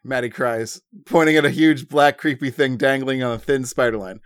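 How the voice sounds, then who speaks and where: A man's voice: mid-range voice, normal speed, hardly any pauses, dry recording. A man reading a children's gamebook aloud to friends, chuckling between passages. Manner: reads narration aloud, laughs between lines. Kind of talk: reading aloud with casual chat.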